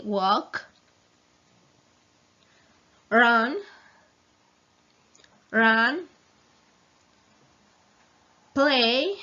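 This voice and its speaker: Slow, patient woman drilling vocabulary. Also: on the high side, fairly bright tone. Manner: slow, repeats each word, gives Spanish translations. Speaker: English teacher. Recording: slightly dull lo-fi recording.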